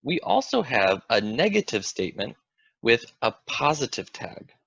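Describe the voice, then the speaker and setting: A man's voice: mid-range voice, sing-song, a little slow, vocal fry, a bit bright, breathy edge, no room sound, dull audio. A man teaching an English grammar lesson, explaining patiently and asking the viewer questions.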